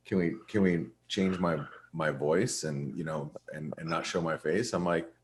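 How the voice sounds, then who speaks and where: A man's voice: a bass voice, fairly even intonation, normal speed, slight background noise. A middle-aged man hosting a trading webinar, talking loosely about market analysis with many restarts and fillers. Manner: rambling, with frequent restarts and fillers. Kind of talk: casual trading webinar talk.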